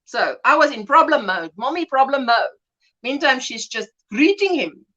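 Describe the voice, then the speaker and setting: Middle-aged woman, casual livestream host, rambling and chatty, lively swooping pitch, bright tone. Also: moderate pace, dull audio. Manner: chatty, rambling, laughs often; greets viewers and acts out little scenes.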